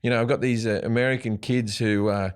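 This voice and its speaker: A man's voice: medium pitch, fairly even intonation, a little fast, smooth. A male comedian with an Australian accent, telling loose, rambling anecdotes with frequent restarts while a guest in a podcast studio. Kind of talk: casual interview chat.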